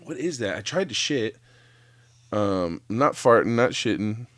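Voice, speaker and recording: A man's voice: on the low side, animated, a little slow, fairly bright tone, dry recording. A man ranting casually on a solo podcast, profane and rambling, full of fillers and restarts. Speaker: podcast host; former chef.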